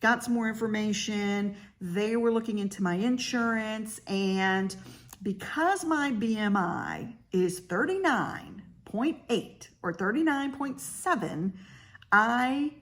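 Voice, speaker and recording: A woman's voice: mid-range voice, expressive, slow pace. A woman in her fifties talking candidly in a casual personal vlog, chatty with frequent fillers. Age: 50s. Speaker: vlogger; realtor.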